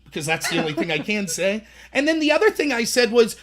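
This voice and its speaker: A man in his thirties hosting a livestream, telling animated stories in casual commentary and acting out the voices he quotes. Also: high-pitched, fast talker, few pauses. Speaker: livestream host.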